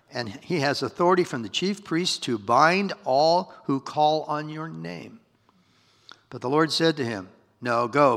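A man preaching a sermon, reading scripture aloud and breaking in with lively asides. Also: mid-range voice, creaky. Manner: animated, reads verses then breaks in with asides and laughs. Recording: hall reverb.

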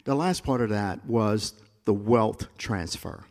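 A male pastor preaching a sermon in a church, moving between quiet, confiding asides and loud, rising climaxes. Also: on the low side, slow pace, long reverb tail.

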